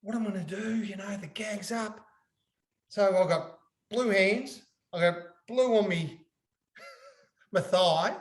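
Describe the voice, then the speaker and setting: A man telling a lively anecdote in casual chat, laughing as he goes and acting out what people said. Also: high-pitched, measured pace, long pauses, echoey room. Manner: animated storyteller, laughing, acting out quotes. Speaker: guest. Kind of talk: casual storytelling.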